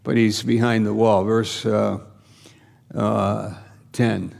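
A man's voice: lowish voice, flat delivery, slow pace, gravelly, darkish tone, long reverb tail. A man preaching a sermon in an earnest, conversational way, repeating his phrases for emphasis.

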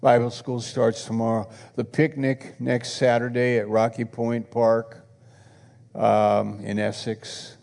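Slow gravelly preaching man in a hall. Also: mid-range voice, flat delivery, a little mellow. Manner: repetitive, pleading, earnest preaching. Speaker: pastor. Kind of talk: sermon with altar call and announcements. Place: church auditorium with congregation. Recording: echoey church hall.

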